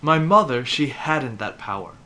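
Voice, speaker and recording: A man's voice: medium pitch, expressive, normal speed, pushed and bright. A man voicing a young princess in a plain, earnest reading.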